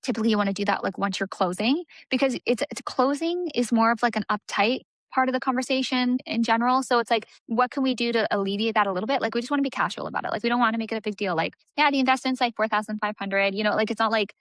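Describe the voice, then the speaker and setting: A woman's voice: on the high side, very fast, hardly any pauses, dry recording. A young woman coaching in a casual teaching talk, chatty and full of fillers, acting out what clients might say. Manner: chatty, many "like" fillers, acts out client voices. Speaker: aesthetics business coach.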